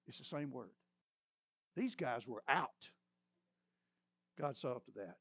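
A man preaching a sermon, retelling a Bible story with lively storytelling and joking asides. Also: mid-range voice, slow pace, slightly rough, no echo.

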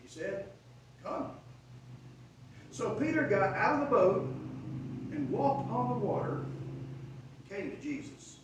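A man's voice: sits high, lively intonation, unhurried, long pauses. A man preaching a sermon, retelling a story with dramatic swells in volume. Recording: echoey room from far off, faint noise.

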